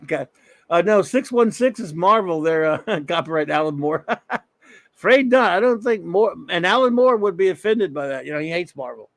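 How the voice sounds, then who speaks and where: A man's voice: sits high, lively intonation, normal speed, fairly bright tone, no room sound, rough recording. A man hosting a casual comics talk stream, chatting and reading viewer comments aloud. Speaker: comics talk show host. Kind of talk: casual livestream chat.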